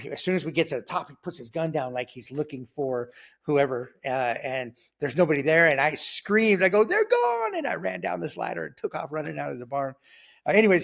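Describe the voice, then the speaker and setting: Rambling man in his sixties telling stories. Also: mid-range voice. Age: 60s. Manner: animated storyteller who acts out the voices in his anecdotes; loose and rambling, full of fillers and restarts. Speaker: guest sharing his testimony. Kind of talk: personal life story told in conversation.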